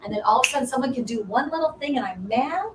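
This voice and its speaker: Brief: high-ish woman host, animated storyteller, casual spiritual chat, distant mic in an echoey room with faint hiss. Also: racing. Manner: animated storytelling, acts out her own past voice. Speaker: ministry host. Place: room with small live audience.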